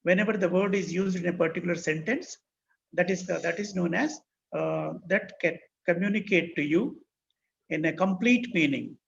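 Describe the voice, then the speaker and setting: High, gravelly man teaching English online. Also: normal speed. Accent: Indian English. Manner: spells words out letter by letter, repeats key phrases. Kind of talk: online class lecture. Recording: dull lo-fi online call with faint noise.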